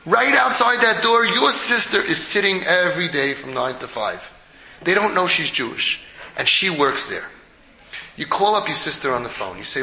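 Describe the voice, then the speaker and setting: High, sharp-voiced man teaching Torah. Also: normal speed, creaky, roomy sound, a little hiss or hum, low-quality recording. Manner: animated, dramatic storytelling; mixes English with Hebrew and Yiddish phrases. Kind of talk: Purim Torah talk.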